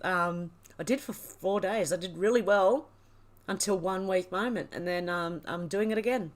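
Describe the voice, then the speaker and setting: A woman's voice: fairly low pitch, normal speed. Teary, overwhelmed woman reading chat. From Australia. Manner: emotional, teary and laughing, overwhelmed. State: tearful. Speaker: livestream host. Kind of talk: reading live chat aloud.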